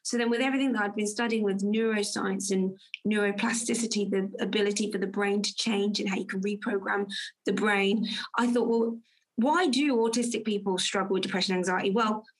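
A woman's voice: mid-range voice, steady tone, a little fast. A woman guest in a conversation, earnestly telling a personal story and acting out the dialogue she quotes. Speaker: guest, confidence coach.

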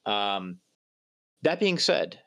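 A man's voice: on the low side, big pitch swings, extremely slow, vocal fry, fairly bright tone, no echo. A man in his thirties co-hosting a casual sports podcast, joking and rambling. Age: 30s. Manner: jokey, rambling, trails off. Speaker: podcast co-host.

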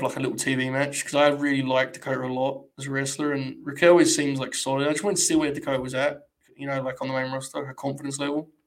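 A young man hosting a live stream, giving blunt, sarcastic, casual commentary and swearing freely. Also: medium pitch.

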